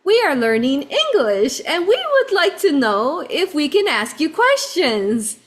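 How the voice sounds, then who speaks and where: Piping little-kid voices, slow and overly polite , as a woman puts them on. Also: high voice, very animated, voice pushed up. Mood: polite eager. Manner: sweet, halting, overly polite. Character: polite little boys learning English.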